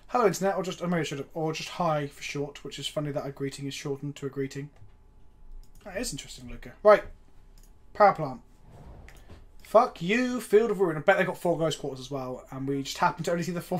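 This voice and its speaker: A streamer chatting casually while playing an online card game, swearing often and breaking into loud laughter. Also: medium pitch, brisk. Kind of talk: casual live-stream chat.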